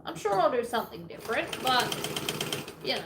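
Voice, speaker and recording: A woman's voice: a little high, big pitch swings, brisk. A woman with an Australian accent chatting casually through a sewing tutorial, rambling and self-deprecating with lots of asides. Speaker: sewing vlogger. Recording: echoey room with faint ambient noise.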